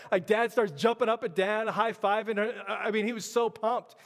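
A man's voice: sits high, steady tone, brisk, few pauses, big-room sound. A man preaching a sermon in a church, driving his point home with repeated rhetorical questions. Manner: impassioned, repetitive rhetorical questions. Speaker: pastor.

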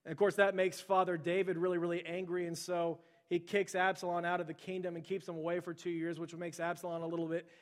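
A man preaching a sermon in a conversational way, often saying "like" and "right", and growing forceful when he quotes scripture. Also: sits high, completely flat delivery, fast, few pauses. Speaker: pastor.

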